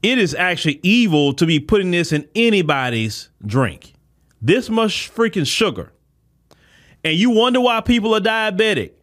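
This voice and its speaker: A man with a high voice runs his own podcast. He preaches in a heated commentary, circling back over the same points and calling out directly to his listeners. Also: big pitch swings, normal speed, a bit bright. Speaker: podcast host. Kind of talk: impassioned commentary monologue.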